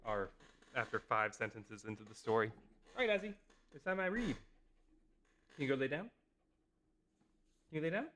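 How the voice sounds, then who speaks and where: A man's voice: medium pitch, normal speed, pauses often, sharp tone. A man on a casual live stream at home, playfully chatting with his dog and reading aloud into a desk microphone, laughing often.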